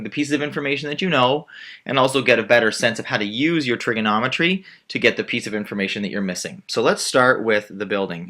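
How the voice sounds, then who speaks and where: A man's voice: mid-range voice, a bit bright. A male math teacher patiently walking through a word problem step by step while drawing a diagram. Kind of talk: screen-recorded math lesson.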